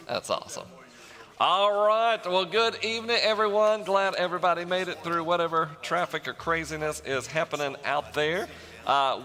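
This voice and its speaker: A man's voice: fairly high pitch, sharp tone. Upbeat man directing a church orchestra rehearsal. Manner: upbeat, scats rhythms and counts off the band. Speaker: music director leading rehearsal. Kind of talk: rehearsal instructions. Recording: long hall reverb, faint music behind.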